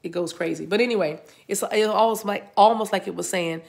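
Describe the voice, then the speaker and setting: A woman's voice: fairly low pitch, quick pace, creaky, hardly any pauses. A woman giving a chatty spiritual reading to her viewers. She talks in a casual, playful way, laughs often and breaks into snatches of song. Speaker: tarot reader.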